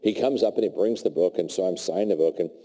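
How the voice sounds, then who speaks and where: A man's voice: sits low, quick pace. A man giving a motivational leadership talk in a large hall, telling stories and acting out the dialogue. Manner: animated storyteller who acts out dialogue. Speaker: leadership speaker. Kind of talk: motivational speech. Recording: long hall reverb.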